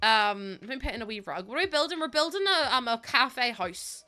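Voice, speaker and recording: A young Northern Irish woman plays a game on a live stream, chatting with viewers, giggling and gushing until she's nearly in tears of gratitude. Her accent is Northern Irish, and her voice is fairly high, expressive, pushed and bright, a little fast.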